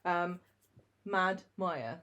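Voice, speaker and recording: A woman co-hosting a podcast in casual chat, recounting plots with lively enthusiasm and frequent ums. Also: on the low side, drawn-out words. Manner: storytelling, lively recap with hesitations. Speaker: podcast co-host.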